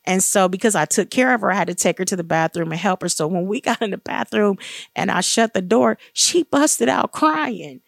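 A woman's voice: normal speed, gravelly, no echo. Earnest woman sharing faith testimony, dry sound. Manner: earnest and encouraging, acts out quoted dialogue with raised pitch. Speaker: guest speaker sharing testimony. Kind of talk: faith-based personal testimony.

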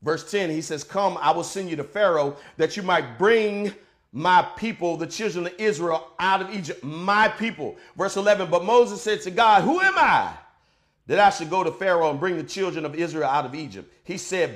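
High-pitched guy pastor preaching, casual talk, goes from soft to shouting. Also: lively intonation, moderate pace. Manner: preaching, shifts from quiet to shouted declarations; casual, colloquial delivery. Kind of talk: sermon.

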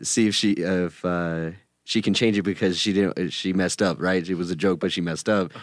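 A low-voiced man rambles through stories on a casual podcast, stopping and restarting, heavy on crude slang. The recording is dry and close. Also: fairly even intonation, normal speed, no echo. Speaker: podcast co-host. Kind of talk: casual group chat.

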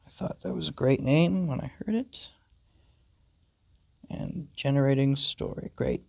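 A deadpan game host talks through a text-adventure playthrough, reading the story aloud with amusement. The pace is slow and unhurried, and the voice sits mid-pitched. The recording is dry and close to the mic. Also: gravelly, no room sound. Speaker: gaming video host. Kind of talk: playthrough commentary.

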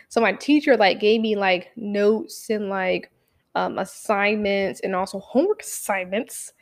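Profane, animated young woman telling a story. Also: mid-range voice, slow pace. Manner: profane, animated, full of fillers and acted quotes. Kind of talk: casual storytime monologue.

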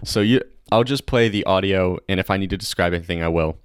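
A young man hosting a casual comedy podcast, chatty and excitable, laughing often. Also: low voice, quick pace, clean tone, dry recording. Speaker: podcast host.

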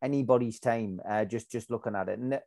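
A man hosting an interview, halting and repeating words as he speaks. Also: fairly low pitch, gravelly, a little mellow, no echo. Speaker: host.

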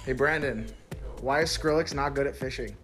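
A man's voice: mid-range voice, normal speed. Man telling riddle jokes over music.

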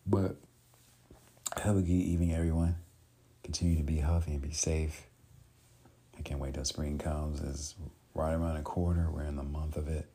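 A man talks casually on his solo podcast, halting often and restarting his sentences. His voice is extremely deep and dark, with a husky, unclear texture. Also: steady tone. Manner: halting, full of ums and restarts. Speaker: podcast host.

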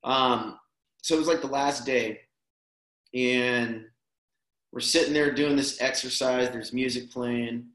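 A man's voice: medium pitch, slow pace, long pauses. Laid-back man telling a story, roomy sound. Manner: relaxed, rambling, peppers speech with "man" and "dude". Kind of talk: casual personal storytelling. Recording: roomy echo.

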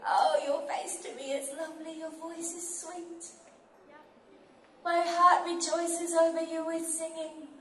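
A woman's voice: very high-pitched, level tone, unhurried, slight background noise. A woman voicing God as a tender, joyful father who gushes with affection in a sing-song way, heard in an echoey room from a distance. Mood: adoring.

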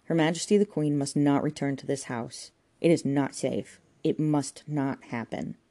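Storybook role: woman reading a fretful, fussy middle-aged man, low and mellow. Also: normal speed. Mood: earnest. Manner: agitated, insistent, prim. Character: fussy, anxious middle-aged male restorer. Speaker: figure in a comic novel.

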